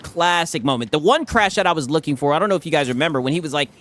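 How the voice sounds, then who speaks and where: Animated, laughing male streamer. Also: on the high side, very fast, few pauses. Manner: laughing, swearing storyteller. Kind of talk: casual stream chat.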